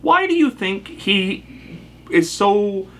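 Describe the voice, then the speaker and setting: Male talk-radio host, probing interviewer, bright and lively delivery. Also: high voice, slow. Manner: probing, restates the guest's account. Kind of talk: interview questions.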